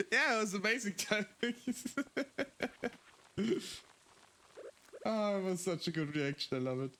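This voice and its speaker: Man, high voice, lively swoops, playful casual streamer chat, laughs a lot. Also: measured pace, pauses often, a little hiss or hum. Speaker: streamer host.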